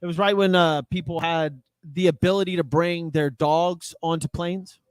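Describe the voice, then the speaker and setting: A man hosting a sports talk show, chatting casually in an excitable, riffing way and laughing often. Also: fairly high pitch, normal speed, clean tone, no room sound.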